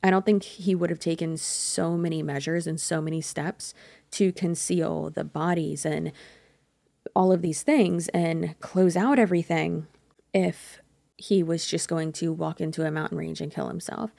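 Chatty woman with a gravelly voice. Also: sits low, fairly even intonation, unhurried, dark tone, dry recording. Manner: chatty, speculative, self-correcting. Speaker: true crime podcast host. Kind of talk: casual true crime narration.

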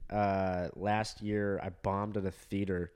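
A man's voice: deep voice, level tone, slow, darkish tone, clean tone. A young man, a stand-up comedian, telling a casual story, profane and laughing, with many fillers.

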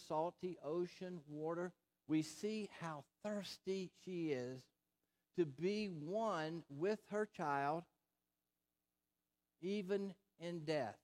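A pastor delivering a sermon in a slow, deliberate way, with emphatic repetition. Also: male voice, on the high side.

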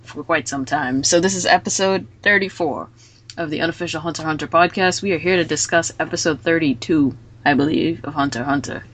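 A woman hosting a casual podcast, retelling scenes quickly and with animation. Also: low-pitched, a bit bright, breathy edge. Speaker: podcast host.

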